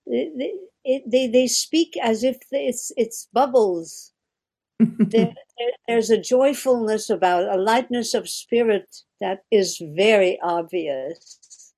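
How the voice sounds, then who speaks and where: A woman's voice: on the high side, a little mellow. Woman, thoughtful and searching. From Quebec. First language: French. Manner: reflective, searching for words, frequent restarts. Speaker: guest. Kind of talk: casual conversation.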